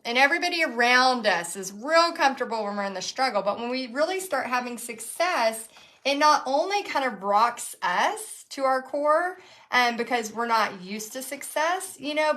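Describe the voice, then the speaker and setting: A woman's voice: on the high side, a bit bright. A woman teaching a live painting workshop, talking chattily with lots of "like" and "um". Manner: chatty, frequent "like" and "um". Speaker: paint party instructor.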